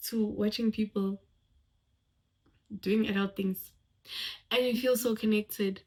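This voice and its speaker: A woman talking casually to camera about life lessons, animated and expressive, swinging from loud exclamations to hushed asides. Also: fairly high pitch, unhurried, long pauses. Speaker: vlogger giving life advice.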